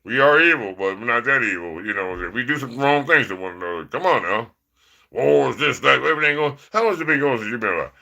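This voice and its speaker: Casting: male vlogger, forceful and gravelly, casual rambling delivery full of "man". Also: mid-range voice, lively intonation, fast talker, lo-fi sound. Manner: loose, rambling, peppers talk with "man" and "you know". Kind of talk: rambling casual monologue to viewers.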